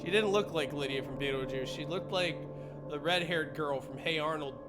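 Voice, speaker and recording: A man's voice: on the high side, normal speed. A man from Ohio, streaming a game in casual commentary, joking, rambling and laughing often. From Ohio, USA. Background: game music.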